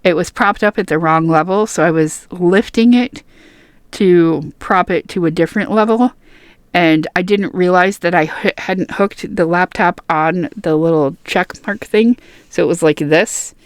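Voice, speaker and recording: A woman's voice: fairly low pitch, unhurried, dry recording. A young woman reading game patch notes aloud and rambling between them in casual, chatty commentary full of fillers and restarts. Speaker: gaming YouTuber.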